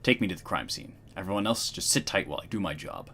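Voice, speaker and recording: A gruff, impatient senior detective who barks orders, as a man reads him from a game. His low voice swings up and down when he scolds. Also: very animated, fast talker, bright, forceful tone, slight background noise, heavily acted. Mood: stern. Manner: curt, bossy and commanding.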